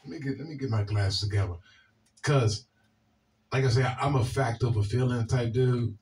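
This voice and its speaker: A man's voice: mid-range voice, moderate pace, a little mellow, distant mic. A man with a Washington, D.C. accent hosting a video, answering viewer comments in a blunt, profane way and often repeating himself. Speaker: video host.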